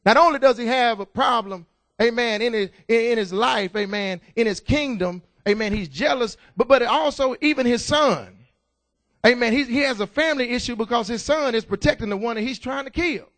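A preacher with a high voice works through a sermon, circling back on his words and calling out to the congregation. He stammers into his points and builds to loud bursts. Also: normal speed. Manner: repeats words, calls out "y'all" and "amen"; stammering restarts, rising to shouts.

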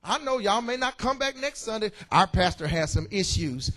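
Lively high-voiced preaching pastor. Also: male voice, normal speed. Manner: lively, joking preaching with call-outs to the congregation. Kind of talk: sermon. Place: church.

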